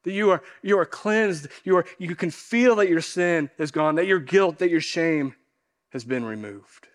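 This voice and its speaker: A male pastor preaching a sermon in an earnest way, often dropping softer at the end of a point and repeating phrases for emphasis. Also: on the high side, moderate pace.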